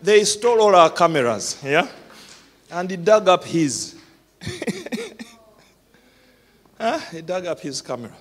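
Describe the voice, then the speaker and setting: A husky pastor preaching in a church hall, his voice swinging widely in pitch as he laughs through his stories. He speaks slowly and emotionally, with a long reverb trailing his words. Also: big pitch swings, a bit bright. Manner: laughing often, emotional and tearful. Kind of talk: sermon.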